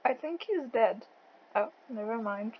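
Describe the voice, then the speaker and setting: A woman interviewing a guest over voice chat, blunt and quick to laugh, with a thick accent and a habit of swearing. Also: a little high, lively intonation, husky, dull audio. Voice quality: says she has a thick accent.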